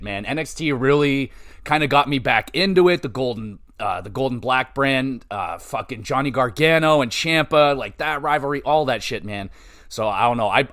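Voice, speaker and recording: A man's voice: medium pitch, a bit bright. Profane, rambling man reviewing wrestling. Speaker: podcast host. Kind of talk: casual solo wrestling review.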